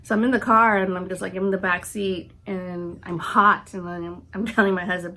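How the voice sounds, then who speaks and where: A woman's voice: mid-range voice, steady tone, fairly quick, pushed and bright. Chatty vlogger woman, sick and congested. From California, USA. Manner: chatty, retells scenes with "I'm like" and quoted reactions. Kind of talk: casual storytelling to camera.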